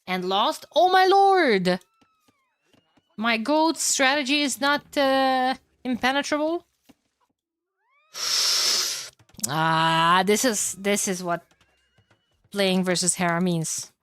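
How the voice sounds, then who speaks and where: Excitable Romanian-accented woman streamer. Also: mid-range voice, slow, long pauses, clean tone, dry recording. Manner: excitable, chatty, bursts of loud exclamations, casual swearing. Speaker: streamer casting games. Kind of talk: live game commentary and chat reading.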